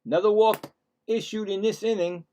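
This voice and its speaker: Excitable man calling baseball play-by-play. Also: high-pitched. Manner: excitable, jumps louder on big plays, chatty asides; acts out players' thoughts in quick asides. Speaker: play-by-play commentator. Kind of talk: live baseball play-by-play commentary.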